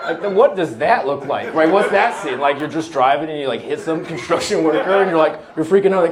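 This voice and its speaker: A man's voice: fairly high pitch, animated, fairly quick, a crowd in the background. A man in his thirties doing a stand-up set, talking casually and loosely, often laughing between lines. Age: 30s. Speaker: stand-up comedian. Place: comedy club stage with audience laughter.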